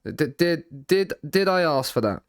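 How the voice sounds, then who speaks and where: A man streaming a football management game, thinking out loud in a rambling way, often repeating and restarting his words, with dry sarcastic asides. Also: on the high side, very animated, measured pace, clean tone, no echo. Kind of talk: live stream commentary while playing a football manager game.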